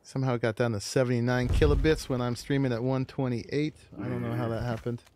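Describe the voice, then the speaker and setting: A man casually commenting on a game he is playing live, relaxed and rambling. He chuckles often and loses his train of thought mid-sentence. A faint hiss sits under his voice. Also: mid-range voice, fast talker. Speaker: game streamer.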